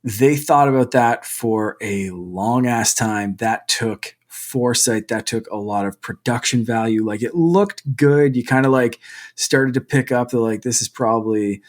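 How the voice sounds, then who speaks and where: A man co-hosting a gaming podcast in relaxed, rambling casual chat. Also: mid-range voice, measured pace. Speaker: podcast co-host.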